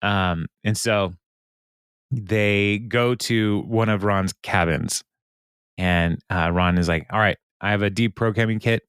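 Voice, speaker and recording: A man hosting a podcast, walking through a sitcom episode scene by scene. His voice sits fairly low, and he keeps breaking into laughter as he quotes the lines. The sound is dry and close, with no room around it. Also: steady tone, takes it slowly, fairly bright tone, smooth, no room sound. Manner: laughs often while retelling scenes and quoting characters. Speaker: podcast host recapping a TV episode. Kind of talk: casual chat.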